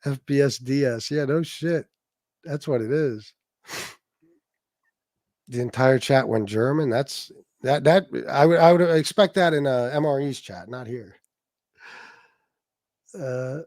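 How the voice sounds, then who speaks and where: Pausing often and speaking a little slowly, a man with a darkish mid-range voice delivers a heated livestream rant. He lashes out profanely and aggressively at critics while reading and answering chat. The studio sound is clean, with no room sound.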